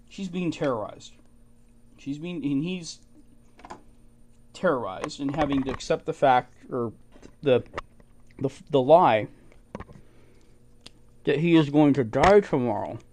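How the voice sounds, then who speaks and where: A man's voice: medium pitch, a little mellow, a little hiss or hum. Man musing over old documents. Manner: musing, halting, with fillers and short laughs. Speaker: amateur history researcher. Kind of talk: casual commentary reading documents.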